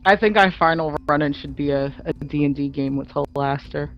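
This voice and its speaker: A woman chatting as a player at a tabletop game, giggly and animated. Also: low voice, a little fast, highs cut off, faint music behind. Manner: giggly, animated when excited. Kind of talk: casual chat at a tabletop game.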